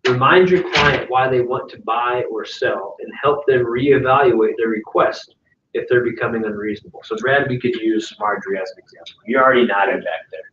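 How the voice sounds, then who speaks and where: A man's voice: medium pitch, fairly quick, noisy background. A man giving a casual training talk to a live audience, chatty, often checking in with "right?" and acting out client calls. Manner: conversational, keeps asking "right?"; acts out client phone calls. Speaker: sales trainer. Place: meeting room with a live audience. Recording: echoey, distant, dull room recording.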